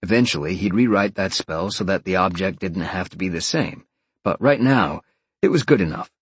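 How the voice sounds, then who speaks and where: Man reading an audiobook, husky low voice, lively pitch, very dry close mic. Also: moderate pace, no room sound. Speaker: audiobook narrator. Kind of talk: scripted narration.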